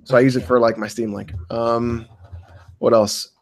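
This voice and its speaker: A man's voice: medium pitch, little pitch movement, moderate pace, darkish tone. A man co-hosting a casual gaming podcast, offhand and a little argumentative as he makes his points. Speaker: podcast co-host.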